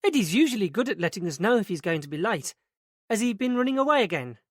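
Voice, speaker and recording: A man's voice: high-pitched, very animated, fast, a bit bright, no echo, studio quality, voice pushed up, heavily acted. A man voicing a flustered middle-aged woman who runs a day centre, in a raised, fluttery voice. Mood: brisk. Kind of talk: audiobook character reading.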